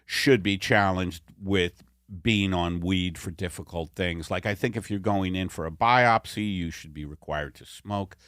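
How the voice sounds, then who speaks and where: Rambling middle-aged man, low voice, dry sound. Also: unhurried, fairly bright tone, no echo. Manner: rambling, self-deprecating, swears freely. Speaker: podcast host. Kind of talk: casual comedy podcast chat.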